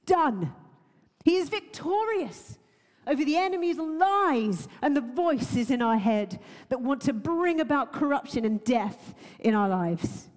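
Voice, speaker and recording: A woman's voice: high voice, big pitch swings, a little slow, darkish tone, in a large hall. A woman preacher giving a sermon, earnest and emotional, laughing now and then and using many fillers.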